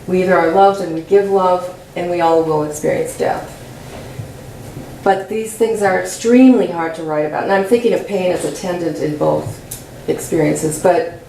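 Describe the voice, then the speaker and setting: A woman poet answers audience questions in a college room, slowly searching for the right words. Her voice is low, dark and gravelly, a bit hoarse as she loses it. It echoes off the room from a mic some distance away. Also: a little hiss or hum. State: losing her voice. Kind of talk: conversational Q&A after a reading.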